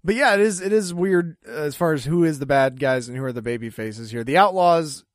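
A man's voice: on the high side, expressive, a little fast, dry recording, studio quality. A man co-hosting a podcast in casual chat, chatty and often laughing. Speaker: podcast co-host.

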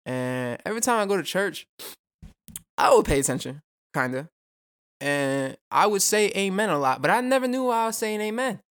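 Fast-talking, profane young podcast host. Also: male voice, high-pitched, expressive, fairly bright tone, clear, resonant tone. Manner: rambling, profane, goes off on tangents; jokey, self-mocking asides. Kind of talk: casual solo podcast monologue.

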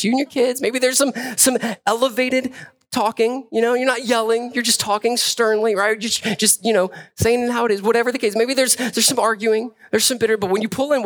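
A man preaching a sermon as a pastor, in a conversational way that keeps checking in with "right?" and acts out the voices of churchgoers. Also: vocal fry. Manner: conversational preaching with frequent "right?" and repeated words; acts out voices of churchgoers in a rising, animated pitch.

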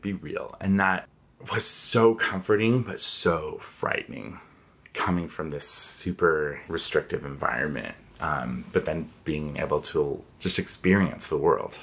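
A man's voice: rumbling low, unhurried, creaky, a bit bright. A man in his thirties telling a personal story candidly and reflectively, with frequent fillers. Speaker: interviewee.

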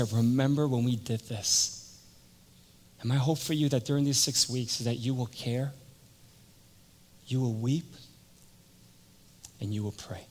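A male pastor giving a sermon, telling a story and acting out the voices of the people in it. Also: mid-range voice. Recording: long hall reverb.

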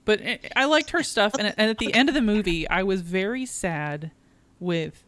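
A woman co-hosting a casual podcast chat, talkative and quick to laugh, with lots of hesitant fillers. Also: mid-range voice, fairly bright tone, no room sound. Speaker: podcast co-host.

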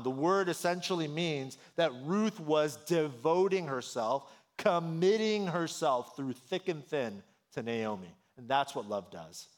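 A man in his thirties preaching as a pastor, in a conversational, animated storytelling manner with rising emphasis. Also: on the high side. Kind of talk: sermon.

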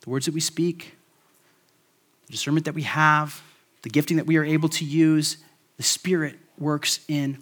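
A man's voice: a little high, steady tone, moderate pace, pauses often, a bit bright. A male pastor preaching a sermon to his church in a conversational way, with many fillers, then closing in prayer. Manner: conversational, frequent fillers, prays to close.

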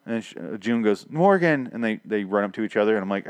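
A man's voice: fairly low pitch, expressive, fast, clean tone, dry recording. A man casually recapping and reviewing a TV episode, rambling and sarcastic, swearing often and acting out the characters' lines.

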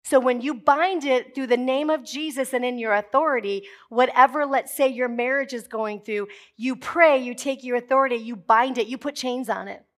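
Woman, pastor, high voice, sermon, emphatic, forceful declarations, jokey asides. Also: moderate pace, few pauses.

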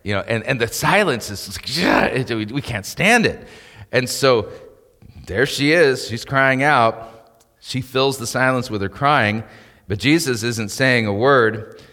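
A man's voice: mid-range voice, unhurried, bright, forceful tone. Man preaching in a reverberant church. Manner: conversational preaching, rising to emphatic peaks. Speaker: pastor. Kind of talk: sermon.

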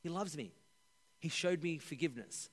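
A man voicing the apostle Peter, a grateful older fisherman, in quiet, earnest first-person testimony. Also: a little high, lively intonation, normal speed. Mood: earnest, reflective. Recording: echoey hall.

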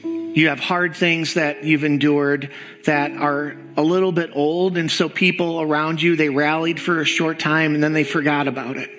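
A man leading a congregation in slow, earnest pastoral prayer during a church service. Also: fairly high pitch, little pitch movement, fairly bright tone, faint music behind, poor audio. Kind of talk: sermon prayer. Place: church sanctuary.

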